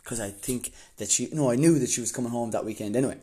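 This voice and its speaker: A man's voice: mid-range voice, fast talker, mellow. A young man from Waterford with an Irish accent, casually telling a story to the camera and often breaking into laughter. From Ireland.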